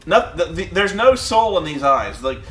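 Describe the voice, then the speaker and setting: A man chatting casually as a podcast host, animated and profane. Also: normal speed, echoey room. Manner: animated, profane, mimics people with loud high voices. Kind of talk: casual chat.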